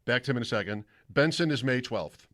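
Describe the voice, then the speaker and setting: Sports radio guy rambling on, mid-pitched, stops and restarts a lot. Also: animated, a little fast, a bit bright. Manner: rambling, self-interrupting, chatty. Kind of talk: casual sports talk. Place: radio studio.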